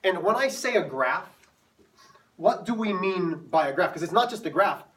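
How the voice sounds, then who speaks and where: A man's voice: high-pitched, lively intonation, normal speed, a bit bright, distant mic. A male math teacher telling a self-mocking story to his class before moving into the lesson.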